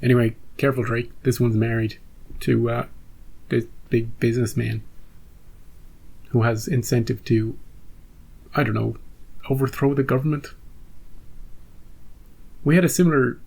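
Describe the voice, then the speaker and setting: Man reacting to an old TV show, husky, gravelly, casual asides. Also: mid-range voice, steady tone, a little mellow. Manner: chatty, musing, quick asides. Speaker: reaction video host.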